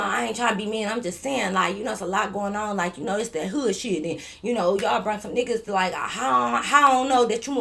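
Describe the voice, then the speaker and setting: A woman spins a casual storytime, slangy and profane. She jumps between her own telling and quoted voices, getting louder and softer as she goes. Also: mid-range voice. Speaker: vlogger.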